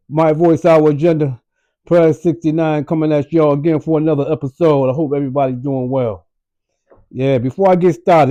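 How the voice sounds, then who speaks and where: A man hosting his own casual monologue show, switching between loud greetings and a slow, loose talk with fillers and profanity. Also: a little high, steady tone, no echo.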